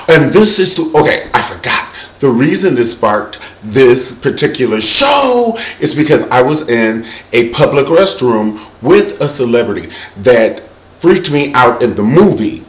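A man hosting his own show, chatting comically about celebrities in an animated, campy way and mimicking people. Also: medium pitch, a little slow. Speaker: show host. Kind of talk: comic celebrity chat monologue. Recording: echoey room.

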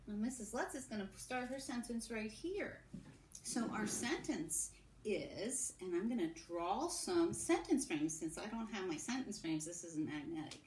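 A woman teacher giving a recorded phonics lesson to young children, modelling sounds and sentences slowly. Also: medium pitch, lively intonation, a little mellow, recorded from a distance. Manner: slow, sing-song, drawn-out modelling of sounds and sentences. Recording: echoey room with faint background hum.

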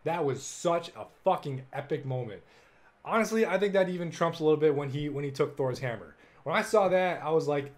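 A young man hosting a casual solo podcast, excitable and full of swearing, jumping between loud bursts and low mumbles. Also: brisk. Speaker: podcast host.

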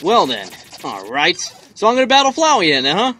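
Excitable man with a high, jumpy voice. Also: a little fast. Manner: excitable, loud exclamations. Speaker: gaming video host. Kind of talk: let's play commentary.

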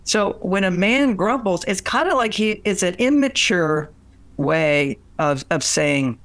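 An older man, a relationship author being interviewed, telling anecdotes in lively conversational style and acting out quoted voices with many restarts. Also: high voice, measured pace, no room sound. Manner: animated, acts out quoted voices, frequent restarts.

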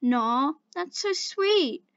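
A woman voicing an excitable, easily flustered young boy, in a dull lo-fi home recording. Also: high voice, drawn-out words, pitched above the performer's own voice, heavily acted. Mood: excited.

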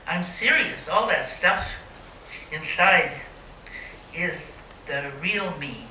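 A woman's voice: lowish voice, animated, slow, long pauses, sharp tone, a little hiss or hum. Woman, live poetry reading, dry mocking humor, echoey gallery, distant mic. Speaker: poet. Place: museum gallery. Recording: roomy hall, mic at a distance.

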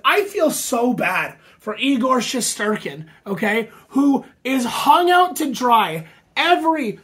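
A woman with a high voice rants about hockey. She talks slowly and hoarsely, as if her voice is giving out from screaming. She often breaks into sarcastic shouting. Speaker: hockey podcast host. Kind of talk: fan commentary rant.

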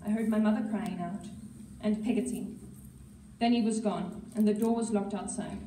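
A woman reading a novel aloud at a school assembly, steady with an occasional slip. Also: mid-range voice, normal speed, slight background noise. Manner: steady storytelling with occasional slips. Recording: echoey hall, mic far off.

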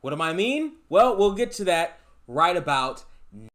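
A man's voice: fairly high pitch, sing-song, normal speed, a bit bright. A man commentating in a casual vlog, emphatic and repetitive in his ranting. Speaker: commentary vlogger.

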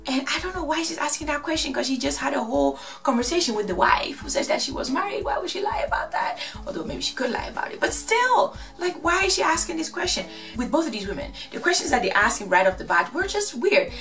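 A woman from Ghana casually recapping a reality show, sassy and animated, acting out the quotes. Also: fairly high pitch, fast, distant mic, soft background music.

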